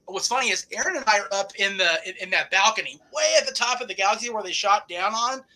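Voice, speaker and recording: A man telling old stories in a casual chat. His voice is very bright and forward and sits a little high. He rambles and restarts often. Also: fast, rough recording. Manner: rambling storyteller with many restarts and fillers. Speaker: podcast host.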